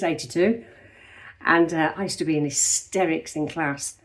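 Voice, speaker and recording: Chatty English woman in her fifties. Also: deep voice. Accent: English Midlands. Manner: chatty, rambling, self-deprecating. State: slightly nasal from sneezing. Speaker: vlogger. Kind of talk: casual chat.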